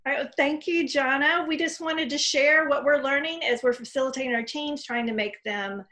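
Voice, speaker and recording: A woman with a fairly high voice hosts a relaxed conversation over a video call. She is chatty and encouraging and laughs easily between questions. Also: normal speed. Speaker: host. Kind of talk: casual video-call interview.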